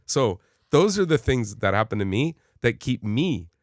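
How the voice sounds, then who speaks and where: A man's voice: medium pitch, normal speed, no room sound. A middle-aged man telling a story on a podcast, throwing himself into it and doing everyone's lines with a lot of life. His voice sits in an ordinary middle register and is caught close and dry, with no room sound at all. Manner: animated storyteller who acts out the other voices in his story. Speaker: podcast co-host. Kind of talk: casual storytelling chat.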